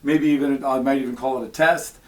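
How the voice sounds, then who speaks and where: A man's voice: mid-range voice, fairly even intonation, brisk. A man teaching a Latin grammar lesson, explaining step by step in a patient way, with frequent fillers between points. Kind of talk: recorded classroom lesson.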